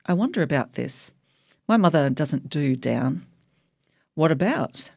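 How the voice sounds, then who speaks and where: Low-voiced woman reading a memoir. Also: animated, a little slow, creaky, dark tone, dry recording, studio quality. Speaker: memoir narrator. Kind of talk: audiobook memoir narration.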